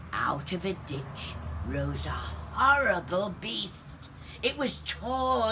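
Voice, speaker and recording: A woman teacher reading a picture book aloud, animated, pointing out the pictures as she goes. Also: fairly high pitch.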